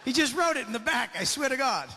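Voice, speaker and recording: High fast-talking guy on a club stage, teasing loudly, crowd noisy behind. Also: expressive. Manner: loud, teasing, shouted from stage. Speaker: comedian hosting the show. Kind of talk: stand-up crowd work.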